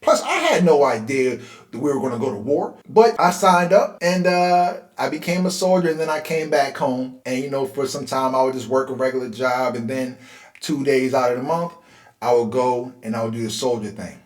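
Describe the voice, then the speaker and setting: A man in his forties from Philadelphia telling a personal life story in a casual, conversational way, getting animated when he relives tense moments. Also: medium pitch, moderate pace. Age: 40s. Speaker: host. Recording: roomy echo.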